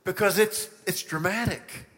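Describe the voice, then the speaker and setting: Pastor, male, high and bright voice, animated storyteller addressing children, church reverb. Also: unhurried. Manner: animated storytelling, asks listeners questions. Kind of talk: children's sermon.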